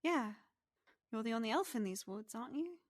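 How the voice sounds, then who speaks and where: A woman's voice: fairly high pitch, expressive, normal speed, no room sound, clean studio sound, voice pushed up. Woman putting on a teasing little pixie girl. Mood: cheerful. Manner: bright, teasing, giggly. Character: tiny playful female pixie guide.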